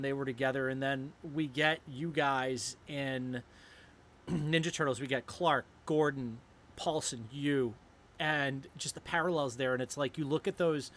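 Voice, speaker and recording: Effusive podcast host, slightly high voice. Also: male voice, fairly bright tone. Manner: enthusiastic fan, rambling and effusive. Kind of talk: casual podcast chat.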